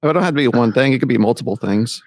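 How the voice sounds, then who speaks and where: Gravelly man hosting a casual interview. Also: mid-range voice, very fast, no echo. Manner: relaxed, encouraging questions. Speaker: podcast host.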